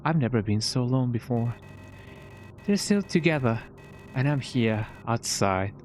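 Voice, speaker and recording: A man's voice: lively intonation, a little slow, darkish tone, slight background noise, close to an everyday voice. A man putting on a forlorn British-accented android. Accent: put-on British. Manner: reads lines in a mock-dramatic, higher voice. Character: lonely, forlorn android replica cut off from its kind. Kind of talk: live reading of game dialogue.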